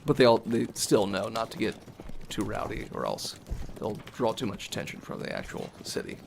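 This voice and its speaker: Gravelly male game master, relaxed and matter-of-fact delivery, faint background hiss. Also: lowish voice, normal speed. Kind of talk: narrating a tabletop game.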